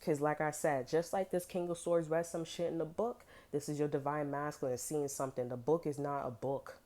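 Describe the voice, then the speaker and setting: A woman's voice: deep voice, fairly even intonation, fairly quick, dark tone. A woman giving a casual tarot reading, blunt and profane, full of emphatic slang. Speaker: tarot reader.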